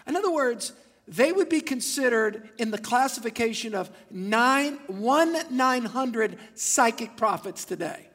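A male pastor preaching a sermon in church, retelling the story with animated acted-out voices. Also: very high-pitched, a little slow. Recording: long church hall reverb.

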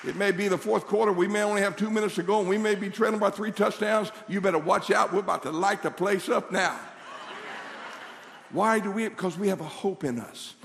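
A male pastor preaching a sermon in a church, animated, with call-and-response to the congregation. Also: high-pitched, a little hiss or hum. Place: church sanctuary. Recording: long reverb of a large hall.

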